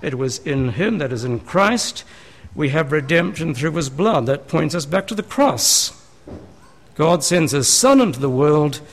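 A man's voice: a little high, lively intonation, measured pace. A man, a pastor preaching a sermon in a church, talking conversationally and asking his listeners rhetorical questions.

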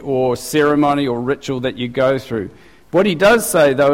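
A man's voice: on the high side, darkish tone, in a large hall. A man preaching a sermon as pastor, chatty and asking his congregation questions. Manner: conversational, asks the congregation questions.

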